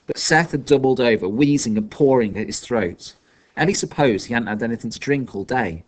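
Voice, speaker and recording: A male audiobook reader narrating a novel with lively, rising and falling intonation. His voice sits at a middling pitch and tells the story expressively. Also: a little fast. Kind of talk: scripted narration.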